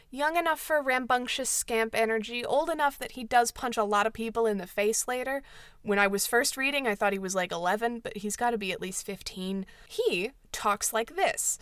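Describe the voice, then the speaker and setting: A woman's voice: medium pitch, a bit bright, dry recording. Woman recapping an old book, dry close voice, wry little jokes. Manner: wry, joking asides. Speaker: book club host. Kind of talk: book summary and commentary.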